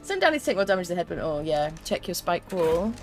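A young woman streaming a video game, chatting excitably to the creatures and her viewers as she plays. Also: on the low side, a little fast. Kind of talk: let's play commentary. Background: faint game music.

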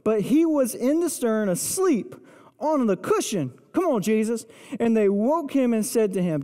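A pastor preaching a sermon, retelling scripture vividly and dropping to hushed intensity for emphasis. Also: medium pitch, very animated, a little slow. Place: church sanctuary. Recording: long reverb of a large church hall.

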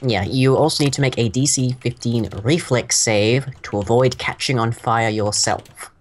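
A man's voice: medium pitch, normal speed. A man narrating as game master of a tabletop game, hesitant, with many ums and uhs.

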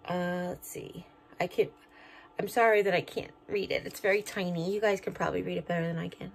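A woman's voice: on the low side, steady tone, fairly quick, gravelly, a little hiss or hum, low-quality recording. A middle-aged woman chatting casually at home as she opens and reads fan mail, sentimental and talkative. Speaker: vlogger opening fan mail. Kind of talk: casual unboxing chat. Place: home, indoors.

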